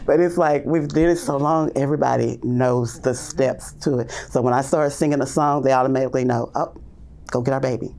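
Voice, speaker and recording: A woman early childhood teacher telling classroom stories in a casual podcast interview, loosely and with many fillers, acting out the little exchanges in hushed or lifted voices. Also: steady tone, brisk. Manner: acts out classroom talk in hushed and high voices.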